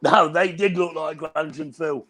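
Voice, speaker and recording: A man's voice: fairly high pitch, fairly even intonation, unhurried, pushed and bright, poor audio. An English man joining a fan stream as a guest, teasing the hosts and telling stories. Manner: cheeky, teasing, storytelling. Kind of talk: casual live-stream banter.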